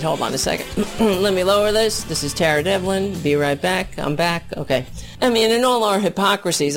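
Slow, hoarse woman ranting about politics. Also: on the low side. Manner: profane, scornful, laughs often. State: hoarse, clearing throat. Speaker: political commentator. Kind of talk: livestream political rant.

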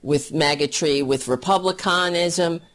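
Political ranter, crude and scornful, slow delivery, repeats and restarts a lot. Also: medium pitch, fairly bright tone. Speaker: political commentator. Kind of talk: angry political rant.

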